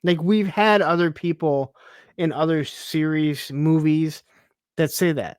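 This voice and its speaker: A man's voice: on the high side, steady tone, unhurried, clear, resonant tone, dry recording, studio quality. A man co-hosting a TV recap podcast, chatting casually with wry asides and quoted lines. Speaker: podcast co-host.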